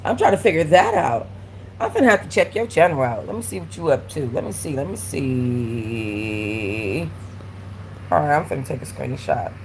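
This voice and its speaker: A woman hosting a live stream from her apartment, telling animated, slangy stories with blunt cursing. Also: low voice, moderate pace, a little hiss or hum, poor audio. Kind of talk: casual live-stream chat. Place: at home in an apartment.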